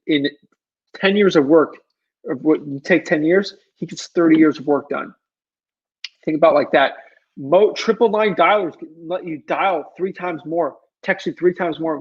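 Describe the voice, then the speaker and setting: Earnest rambling man, slightly high voice. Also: slightly rough, highs cut off. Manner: earnest and pleading, rambling with many fillers. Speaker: real estate wholesaler answering viewer questions. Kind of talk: casual livestream Q&A advice.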